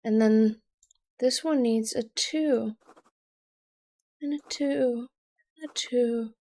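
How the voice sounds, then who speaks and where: Over background music, a woman streams a game and thinks aloud through a puzzle, muttering and exasperated as she commentates live. Her voice is a little high and mellow, and she takes it slowly.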